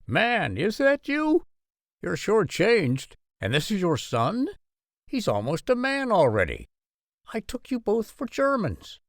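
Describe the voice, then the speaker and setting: A man voicing an excitable farmer from the countryside who talks loudly and urgently. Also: sits high, slow pace, dry recording, clean studio sound, voice pushed up, exaggerated voice. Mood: startled. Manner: loud, startled, urgent.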